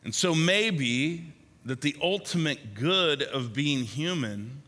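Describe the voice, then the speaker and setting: A man preaching a sermon as a pastor, speaking in slow, pausing phrases that trail off softly at the ends. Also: fairly high pitch, expressive, big-room sound.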